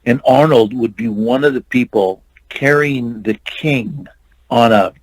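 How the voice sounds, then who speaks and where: A man's voice: medium pitch, a little slow, poor audio. An older man, a stuntman and actor, telling long rambling anecdotes in a casual interview, full of restarts and quoted dialogue. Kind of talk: casual storytelling.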